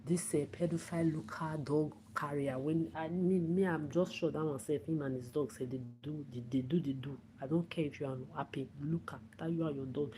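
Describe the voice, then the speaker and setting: A woman's voice: sits low, steady tone, brisk, few pauses, mellow, a little hiss or hum, rough recording. A woman ranting on a livestream, profane, repetitive and confrontational. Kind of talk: angry livestream rant.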